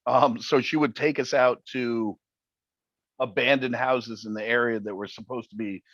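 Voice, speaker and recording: A man guesting on a podcast interview, telling stories in an animated, jokey way. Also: mid-range voice, normal speed, no room sound, dull audio. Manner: animated, jokey storyteller who acts out quotes. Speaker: interview guest, paranormal TV personality. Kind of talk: casual interview storytelling.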